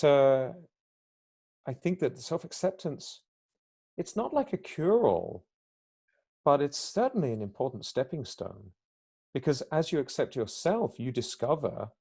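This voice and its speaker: A man's voice: mid-range voice, lively intonation, unhurried, gravelly, pauses often, dark tone, breathy edge. A man speaking as a guest on a podcast, explaining his ideas at length in a reflective, conversational way and sometimes acting out quoted remarks.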